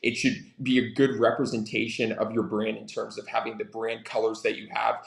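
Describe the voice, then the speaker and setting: A young man giving casual business advice as an interview guest, talking quickly with lots of "like" fillers. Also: on the low side, monotone, creaky, echoey room. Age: young adult. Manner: fast, filler-heavy with frequent "like". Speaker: guest, social media marketing entrepreneur.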